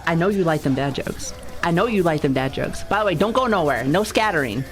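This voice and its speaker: A young woman streamer talks casually and playfully to her chat, joking and swearing as she goes. Her voice sits low for a woman. Faint music plays softly behind her. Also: lively intonation, a little fast.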